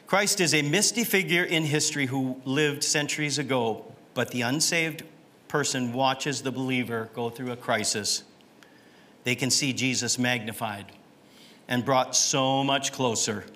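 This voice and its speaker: A middle-aged man preaching from the pulpit, slow and deliberate in pace. His voice is bright and forceful. He keeps putting questions to the congregation and tags his points with a quick "right?". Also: mid-range voice. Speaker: pastor. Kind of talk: sermon.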